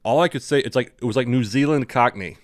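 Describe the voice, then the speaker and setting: A man's voice: medium pitch, fast talker, no room sound, studio quality. A man co-hosting a podcast, telling rambling stories in casual chat, acting out his own thoughts and swearing freely. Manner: rambling anecdotes with acted-out inner voice, casual swearing. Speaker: podcast co-host.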